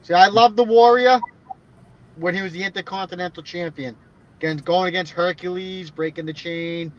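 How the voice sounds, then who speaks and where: A man's voice: high-pitched, steady tone, normal speed, a little hiss or hum. A man with a slightly raised voice trades stories in a casual podcast chat. He swears freely and leans on "like" as filler. The sound is dull and lo-fi. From Boston area. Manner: blunt, profane storytelling with many "like" fillers. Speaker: podcast co-host.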